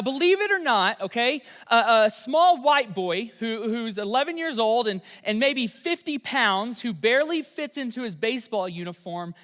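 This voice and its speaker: Young guy youth pastor, really high voice, big echoey hall, super energetic. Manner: energetic storytelling. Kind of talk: youth sermon.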